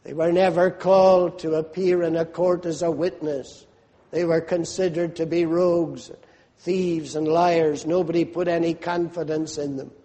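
High-pitched preacher man going slow and fervent, big hall echo. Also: level tone, mellow. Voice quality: fervent, swelling and falling emphasis. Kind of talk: sermon. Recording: long hall reverb.

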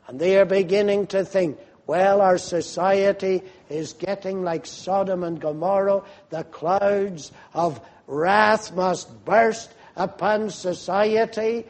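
Quoting pleas to God, the preacher lifts his voice into loud cries; otherwise he delivers his fervent sermon slowly and emphatically, in a voice that sits high.

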